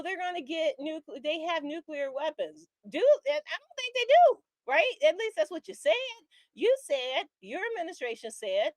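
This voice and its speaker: A woman's voice: fairly high pitch, dry recording. Angry, impassioned woman commentator. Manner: impassioned, keeps tagging "right?". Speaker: guest commentator. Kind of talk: live political commentary.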